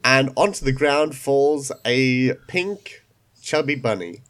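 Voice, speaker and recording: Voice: medium pitch, slow, fairly bright tone. A game master narrating an online tabletop game, voice still recovering after being sick.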